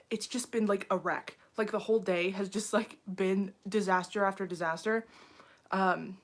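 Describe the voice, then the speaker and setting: A young woman chatting casually on a home live stream, frazzled and full of fillers, talking to viewers as she reads the chat. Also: mid-range voice. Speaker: livestreamer.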